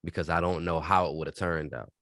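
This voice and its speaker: Co-hosting a podcast, a man with a fast-paced bass voice tells stories in an animated, emphatic and profane way during casual chat. The sound is clean studio quality with no echo.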